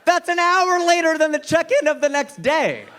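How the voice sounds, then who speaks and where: An American stand-up comedian with a bright, fairly high voice that leaps up and down in pitch as he lands his punchlines. His delivery is punchy and animated, building to loud emphatic peaks. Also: moderate pace. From United States. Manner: animated, punchy storytelling with big pitch swings. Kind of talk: stand-up set.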